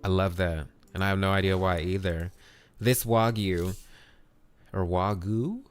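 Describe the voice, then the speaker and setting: A man with a fairly low voice hosts a live game stream, talking loosely and cheerfully to his chat. He drops the odd curse word as he goes. Soft game music plays underneath. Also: steady tone, unhurried, clear, resonant tone. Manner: upbeat, greets chat viewers by name, swears casually.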